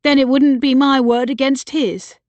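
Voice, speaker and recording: A woman's voice: high voice, steady tone, moderate pace, darkish tone, no echo, pitched above the performer's own voice, close to an everyday voice. A woman narrator voicing a bitter, agitated young man who raises his voice and insists on getting his way. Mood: insistent. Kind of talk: audiobook character voice.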